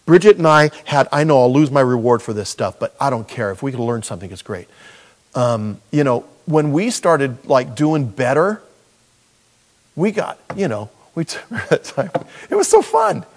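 A male pastor delivers a sermon woven with personal stories, and his voice swoops widely up and down as he tells them. He speaks in an animated, storytelling way from the pulpit, at a middling pitch for a man. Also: a little slow.

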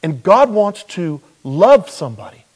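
A man's voice: sing-song, a little slow. Man preaching in a folksy, storytelling way. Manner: conversational storytelling, drops soft and low for quoted prayers, laughs often. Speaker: pastor. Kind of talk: sermon with personal story.

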